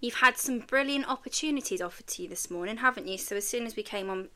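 Bright-voiced woman co-host. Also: fairly high pitch, fast. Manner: warm, encouraging, lots of tag questions. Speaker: podcast co-host. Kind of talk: casual chat. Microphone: video call.

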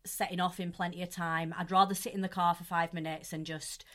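A woman's voice: fairly low pitch, a little fast. A young woman, co-hosting a casual podcast and telling stories with lots of fillers. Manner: chatty, animated storytelling with frequent fillers. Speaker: podcast co-host. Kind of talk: casual chat.

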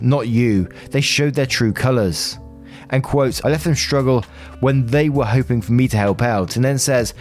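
A man hosting a story channel, reading posts and commenters' replies aloud and adding his own dry opinions. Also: mid-range voice.

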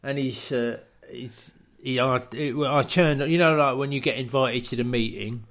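A man's voice: mid-range voice, moderate pace, a bit bright. A man co-hosting a comedy podcast, telling a rambling improvised story full of "I says" and "right?".

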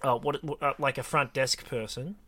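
A man's voice: medium pitch, fairly even intonation, normal speed, dry recording. A man co-hosting a casual podcast chat, rambling and restarting his sentences as he tells stories. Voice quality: bright, rambling with many restarts. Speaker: podcast co-host.

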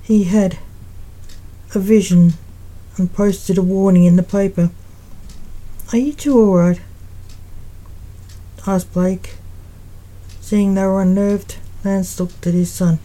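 A woman reading a fan fiction story aloud in a plain, unhurried storytelling manner. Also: mid-range voice, flat delivery, mellow, rough recording. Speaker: story reader.

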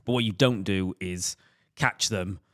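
A man's voice: low voice, a little slow, fairly bright tone, no echo, clean studio sound. A man hosting a podcast, chatting casually and laughing easily. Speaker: podcast host.

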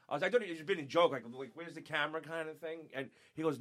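Profane, animated man telling stories. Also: a little high, fast talker. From upstate New York. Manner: profane, animated, laughing, acts out quotes. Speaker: guest, former radio show staffer. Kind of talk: casual storytelling chat.

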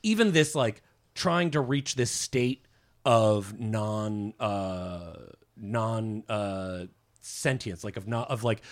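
A man's voice: fairly low pitch, slow. A man telling an art history story on a casual podcast, rambling with many fillers and restarts. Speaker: podcast guest explaining history. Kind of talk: casual chat.

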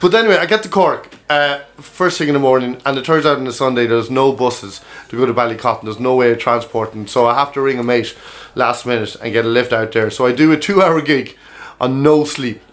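A man tells a long, rambling story, stacking detail on detail as he goes. His voice sits in an ordinary middle pitch, and the talk is loose and chatty, like a podcast co-host among friends. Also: fast talker, a bit bright. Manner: rambling anecdotes with laughs. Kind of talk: casual chat.

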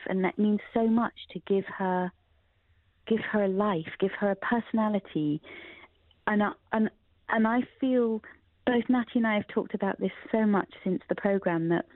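A woman's voice: mid-range voice, no room sound. A middle-aged woman, an interview guest, speaking earnestly and emotionally, often restarting her sentences. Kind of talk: reflective interview talk. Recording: tinny phone-like sound, dry.

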